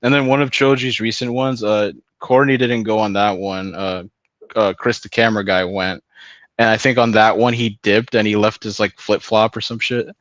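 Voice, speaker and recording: Brief: male streamer, casual rambling chat, swears and laughs a lot, lowish voice, dry close mic. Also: little pitch movement, moderate pace, a bit bright, no echo. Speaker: stream host.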